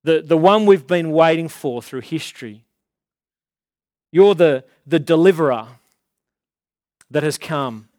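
Male preacher, relaxed and talky, leans on key words slowly; bright voice, dry close sound. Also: on the high side, no echo. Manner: casual, slows down to stress key words. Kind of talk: conversational sermon.

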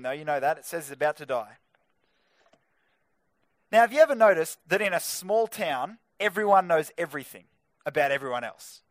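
Man, youth pastor, high voice, dry close sound, energetic sermon. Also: dry recording. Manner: energetic, punchy, joking asides to teens.

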